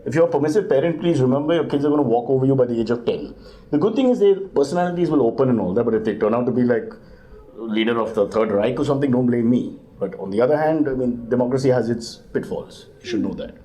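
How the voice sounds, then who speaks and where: A middle-aged man, a comedian answering parenting questions with deadpan jokes and sudden mock voices. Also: quick pace. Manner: deadpan comic asides, jumps to high mock voices. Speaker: guest comedian.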